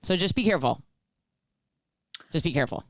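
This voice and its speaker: A woman's voice: deep voice, lively intonation, a little fast, dry recording. A woman co-hosting a podcast in casual chat, giving blunt, opinionated advice. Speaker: podcast co-host. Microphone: studio microphone close up.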